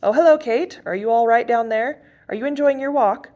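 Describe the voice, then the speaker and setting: A man's voice: extremely high pitch, brisk, a little mellow, lo-fi sound, voice pushed up. A woman reading aloud and voicing a teasing, amused hooded male rider in a cheerful, mocking tone.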